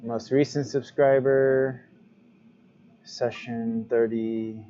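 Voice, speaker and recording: A man's voice: mid-range voice, little pitch movement, extremely slow, warm tone, muffled recording. A man chatting casually during his own live stream as a glassblower, thinking aloud while he adjusts his stream settings. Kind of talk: casual livestream chat.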